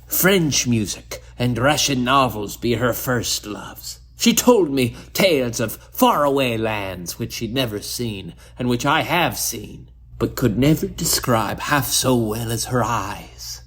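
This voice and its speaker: A man's voice: mid-range voice, expressive, takes it slowly, hardly any pauses, fairly bright tone, husky, full character voice. A man playing a lovestruck old sea captain who talks in old sailor speech and growls, in a storytelling piece. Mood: tender.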